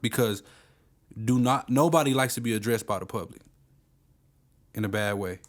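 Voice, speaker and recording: A man's voice: mid-range voice, normal speed. A man from Texas co-hosting a casual podcast, blunt and emphatic, heavy on slang. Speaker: podcast co-host. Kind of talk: casual discussion.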